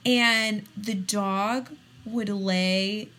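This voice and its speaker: A woman's voice: mid-range voice, steady tone, very slow, pushed and bright. A woman co-hosting a podcast, telling stories in a casual chat and laughing often. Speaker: podcast co-host.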